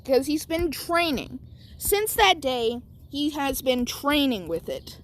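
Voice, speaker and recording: A woman's voice: high voice, expressive, slow. A woman telling her own fan story casually, rambling and correcting herself as she goes.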